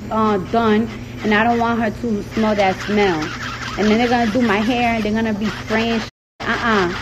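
Heated high-voiced woman ranting profanely. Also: noisy background. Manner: heated, swearing, repeats words for emphasis. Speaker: rapper ranting to followers. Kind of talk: profane casual rant.

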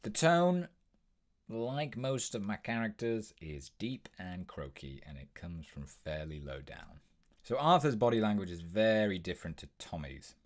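A young man hosting a tutorial, explaining voice impressions in a brisk, instructive way with the odd um. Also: on the low side, expressive. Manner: brisk, instructive, with frequent ums.

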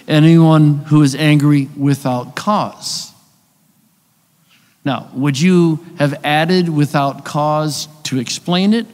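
Man lecturing in a reverberant hall. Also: fairly high pitch. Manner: conversational, explains with rhetorical questions and asides. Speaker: conference speaker on biblical texts. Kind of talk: conference lecture. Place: church hall.

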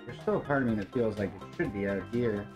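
A man's voice: fairly low pitch, fast, music in the background. A man streaming a video game, chatting casually and muttering to himself and his pets as he plays. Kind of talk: casual gameplay commentary.

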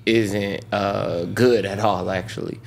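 A man's voice: fairly low pitch, fairly even intonation, takes it slowly, vocal fry. A man co-hosting a podcast, giving opinionated, joking, profane takes in casual banter. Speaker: podcast co-host.

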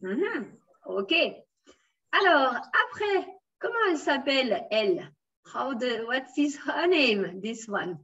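Slow and fairly bright, with big swings in pitch, a Swiss woman's fairly high voice teaches a beginner French class online. She flips between English and French, uses many fillers and offers her students praise. The recording sounds a little dull and remote, as if the microphone sat across the room.

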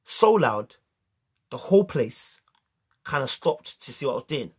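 A young British man telling a story to camera in casual slang, animated and acting out the dialogue. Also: mid-range voice, measured pace, breathy edge. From United Kingdom. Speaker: vlogger.

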